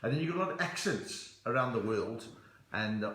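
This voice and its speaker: A man's voice: mid-range voice, expressive, fast talker, pushed and bright, reverberant, poor audio. A middle-aged South African man with a South African accent, chatting on a live stream, reading viewer comments and telling stories. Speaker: stand-up comedian. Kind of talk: live-stream comedy chat.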